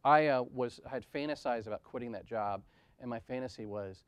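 Over slight background noise, a mid-range male voice moves a little fast. The speaker, a man in his forties at an event venue, gives a candid conference talk full of self-deprecating personal stories and frequent "right?" asides.

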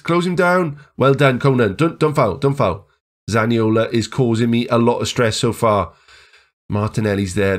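A man commentating his own football management game, chatty and building to excited shouts at the screen. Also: lowish voice. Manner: excitable, yelling at the screen during big moments. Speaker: gaming YouTuber.

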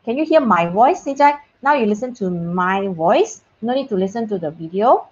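A woman's voice: mid-range voice, lively intonation, moderate pace, few pauses, dull audio. A woman teacher giving an online science lesson on a video call, chatty and casual, often checking that her students can hear her and slipping in short Mandarin phrases. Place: online class.

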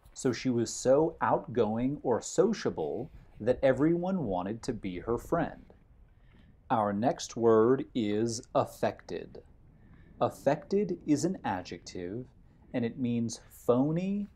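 Slow, husky-voiced man teaching vocabulary. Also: mid-range voice, mellow. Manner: measured, defines each word then restates the example. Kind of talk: walking vocabulary lesson. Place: outdoors on a hiking trail.

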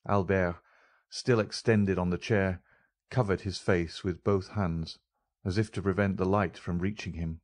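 A man narrating a classic novel as an audiobook, steady and unhurried. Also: low-pitched, no echo. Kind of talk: scripted narration.

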